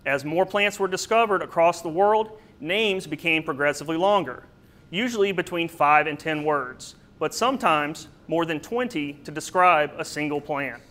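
A man with a fairly bright voice on the high side presents a slide-based lecture about plant names at a moderate pace. He explains patiently, dropping in occasional fillers and small asides.

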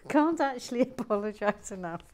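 A woman's voice: fairly high pitch, wildly swooping pitch, a little slow, a little hiss or hum. A woman chatting casually while she builds a toy set and reads out viewer comments, teasing and giggling as she goes. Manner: playful, teasing, giggly asides.

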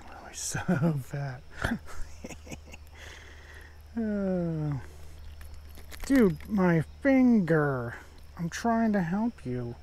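A man films his own fishing trip outdoors at a creek, chatting in an unhurried, drawn-out way. He coos gently at every fish he pulls in. Faint outdoor sounds sit behind his voice. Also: on the high side, expressive, slight background noise. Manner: talks softly and fondly to the fish he catches. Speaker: fishing vlogger. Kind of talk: casual outdoor fishing vlog.

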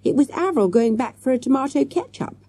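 A woman's voice: high voice, animated, brisk, warm tone, husky, no room sound, voice pushed up, full character voice. A woman voicing a dramatic young schoolgirl telling things with wide-eyed intensity. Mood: indignant. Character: dramatic schoolgirl, easily frightened.

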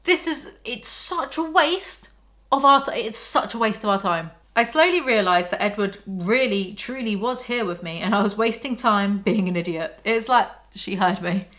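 A woman's voice: mid-range voice, moderate pace, fairly bright tone. A woman reviewing a novel, reading passages aloud and breaking off into sarcastic, exasperated commentary. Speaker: book reviewer.

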